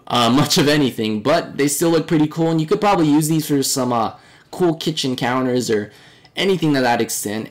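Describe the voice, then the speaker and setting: A young man narrating a casual game walkthrough in a chatty, relaxed way, his voice a little hoarse and fading. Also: medium pitch. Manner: chatty, relaxed, with fillers and upbeat remarks. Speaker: game reviewer.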